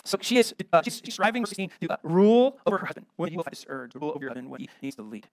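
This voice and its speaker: A middle-aged American pastor preaching a sermon, emphatic and full of rhetorical questions. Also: male voice, fairly high pitch, sing-song, racing, dry recording.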